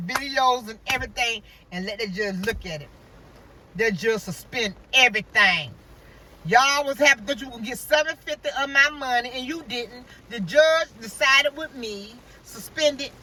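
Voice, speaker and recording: A woman telling a story in a casual vlog rant, acting out quoted dialogue and exclaiming about God. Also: high-pitched. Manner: animated, acts out quoted dialogue, religious exclamations. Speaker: vlogger. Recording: voice from far off the mic.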